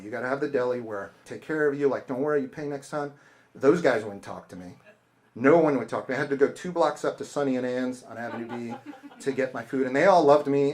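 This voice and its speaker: Speaking in a mid-range, slightly mellow voice, a middle-aged author gives a bookstore talk. It's a casual session with audience Q&A in the event space, where he tells stories and acts out those he quotes.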